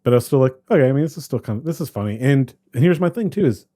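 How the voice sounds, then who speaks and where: A man co-hosting a podcast, chatting casually about a movie in a rambling, animated way that keeps trailing off and restarting. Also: medium pitch, racing. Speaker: podcast co-host. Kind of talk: casual movie review chat.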